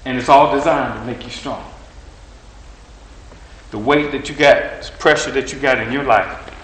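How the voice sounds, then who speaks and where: A male preacher giving a sermon while lifting weights, telling a story in an animated way and straining with the effort. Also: medium pitch, roomy sound, low-quality recording. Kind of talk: sermon with a live weightlifting demonstration.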